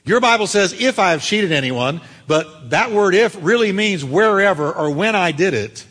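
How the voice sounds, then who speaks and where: A man preaching a sermon, animated, swinging between loud calls and hushed, quiet passages. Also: high voice, normal speed, husky, in a large hall.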